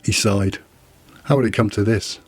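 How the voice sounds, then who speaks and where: A man's voice: lowish voice, normal speed, no room sound, faint music behind. A man narrating a novella trailer with dry, wry storytelling. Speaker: audiobook narrator. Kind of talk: scripted narration.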